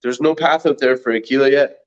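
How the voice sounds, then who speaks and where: A Canadian man co-hosting a relaxed podcast, reading aloud with a playful edge and quick chuckles. His voice sits at an ordinary middle pitch, and the sound comes through slightly muffled. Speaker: podcast co-host. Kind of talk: casual podcast chat, reading a text aloud.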